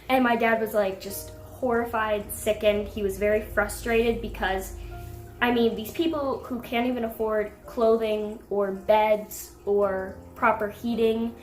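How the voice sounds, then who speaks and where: Animated young woman, echoey room. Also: fairly high pitch, unhurried. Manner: animated, rising to indignant outbursts. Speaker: pet vlogger. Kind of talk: casual storytelling to camera. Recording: echoey room with faint music.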